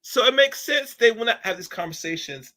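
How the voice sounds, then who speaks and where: A man's voice: very high voice, expressive, brisk, pushed and bright. A man hosting a casual opinion commentary, rambling and preachy, with many fillers. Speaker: commentary channel host.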